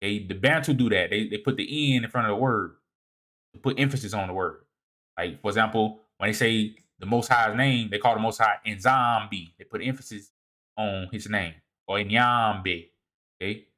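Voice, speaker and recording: A man presenting a lecture over slides in a casual, halting way. He often repeats and restarts his words, checks in with "all right?", and swings between emphatic rises and low muttered asides. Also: a bit bright. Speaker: presenter of a video series. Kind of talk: lecture walking through slides.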